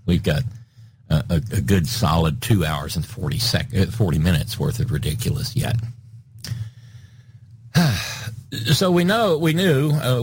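Slow, husky, sardonic talk show man. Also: low-pitched, a little mellow, no room sound. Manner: sardonic, rambling, with frequent filler restarts. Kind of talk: casual political commentary.

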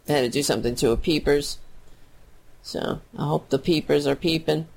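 A woman's voice: sits low, normal speed, vocal fry, a little mellow. A woman hosting a political livestream, talking bluntly and heatedly, and getting emotional as she thanks her viewers. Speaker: political talk show host. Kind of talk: casual livestream commentary.

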